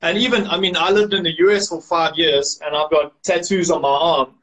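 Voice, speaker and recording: A man's voice: on the high side, steady tone, brisk, fairly bright tone, poor audio. A man hosting a casual interview and asking easygoing questions. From South Africa. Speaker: interviewer, host.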